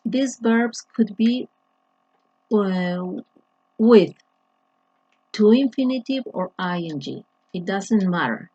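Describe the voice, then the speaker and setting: A woman walks through an English grammar lesson at an unhurried pace, restarting phrases and filling pauses as she goes. Her voice is mellow and slightly husky. The recording is dull and lo-fi, with a dry, close sound. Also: mid-range voice, animated, no echo. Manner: slow, deliberate, with frequent restarts and fillers. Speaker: English teacher.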